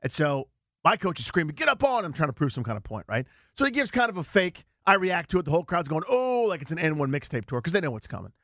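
A man in his forties hosts a sports talk radio show. He tells stories in an animated, self-mocking way. The sound is close and dry, from a studio mic. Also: fairly high pitch, fast, no echo. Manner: storytelling, self-deprecating, animated.

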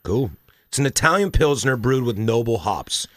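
A man's voice: mid-range voice, animated, normal speed, no room sound, studio quality. Laid-back joking podcast co-host, man. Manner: joking, laughs often, playful silly voices. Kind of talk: casual beer podcast chat.

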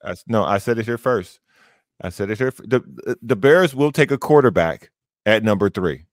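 A man's voice: fairly low pitch, expressive, normal speed, no room sound, studio quality. A man co-hosting a sports radio show, making brash, confident predictions in casual chat. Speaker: radio co-host.

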